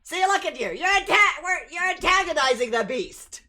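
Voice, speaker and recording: A woman voicing a fussy talking cat that scolds the adventurers in a high, loud voice. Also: lively intonation, moderate pace, slight background noise. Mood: scolding.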